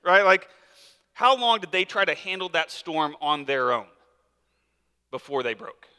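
A man gives a sermon in a relaxed, chatty way, his voice bright and forward and a bit higher than most. It rings out with a long echo in a large church hall. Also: measured pace, clear, resonant tone. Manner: casual, conversational preaching with many fillers. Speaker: pastor.

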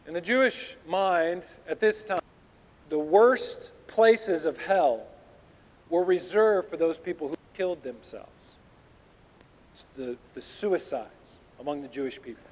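A man pastor delivering a sermon, swelling loud on key phrases and dropping low for asides. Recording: long hall reverb.

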